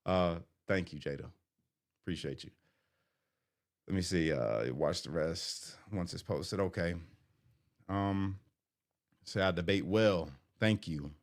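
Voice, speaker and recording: Casual low-voiced man chatting live. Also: slow pace, long pauses. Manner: casual, talkative, reads viewer comments aloud and answers them. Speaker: live stream host reading chat. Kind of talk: casual live stream chat.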